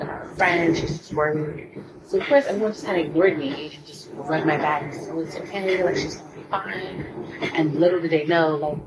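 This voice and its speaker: A young woman with a low, soft voice tells a personal story in a casual storytime vlog. She talks haltingly, often sinking to a near whisper. A steady noise runs under the recording. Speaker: vlogger.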